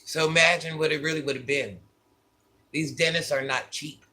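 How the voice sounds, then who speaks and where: Husky, bright-voiced man telling a story. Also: a little high, steady tone, moderate pace. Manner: candid, repeats phrases for emphasis. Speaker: vlogger. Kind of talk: casual storytelling to viewers.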